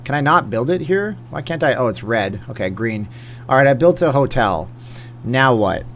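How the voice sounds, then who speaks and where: A man's voice: mid-range voice, expressive, moderate pace, fairly bright tone, slight background noise. A man hosting a live stream, casually narrating his gameplay with a joking, wry manner and thinking aloud as he plays. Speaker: host.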